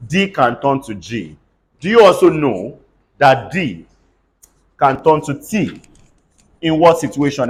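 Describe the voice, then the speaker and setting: A man teaching a class how to pronounce consonant sounds, spelling words out letter by letter and having the students repeat them. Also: fairly high pitch. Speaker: pronunciation teacher. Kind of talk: classroom lesson with call-and-response drills.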